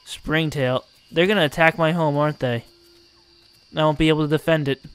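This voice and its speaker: A man giving excitable, exasperated gameplay commentary and laughing often as he plays. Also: on the high side, brisk, clean tone. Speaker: let's play host.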